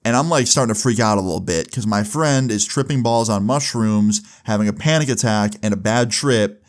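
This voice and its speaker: A man's voice: lowish voice, brisk. A young man telling a story in a casual, rambling way, full of fillers. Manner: rambling, lots of "like" and "right?".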